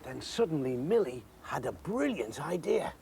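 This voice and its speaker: A man reading a children's Christmas story aloud, expressive and animated. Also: a little high, moderate pace, gravelly, slight background noise.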